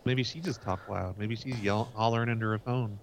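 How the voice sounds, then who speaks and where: Soft-spoken mumbly male host. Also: fairly low pitch, fairly even intonation, fairly quick. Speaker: comedy show host. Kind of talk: casual banter on a live show.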